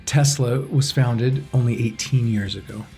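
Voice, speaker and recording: A man hosting a business podcast, reading a scripted intro and asking interview questions in a measured, steady way. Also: mid-range voice, breathy edge, faint music behind. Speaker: podcast host.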